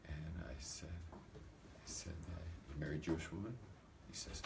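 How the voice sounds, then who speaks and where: Speaking slowly in a deep voice, a rabbi from the United States gives a storytelling talk, acting out the dialogue of his humorous anecdotes for the audience. Background noise is audible.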